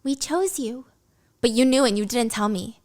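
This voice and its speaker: A woman's voice: a little high, moderate pace, a little mellow, natural voice. A woman voicing a fierce young woman rider who snaps back in a raised, swearing voice. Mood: furious.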